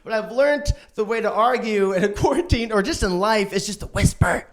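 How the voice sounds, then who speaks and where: A man doing a stand-up set, manic and swearing, who acts out other people's lines in a shrill voice. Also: animated, brisk. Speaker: stand-up comedian. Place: online streamed show.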